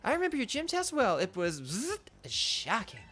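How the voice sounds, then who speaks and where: Putting on a high, bubbly voice far above her own, a woman plays a young streamer girl and gym leader in a game playthrough, heavily acted. Her peppy, showy streamer greetings swoop and bounce at a moderate pace, in a husky tone with a stuffy nose and dry throat. Soft music plays behind her.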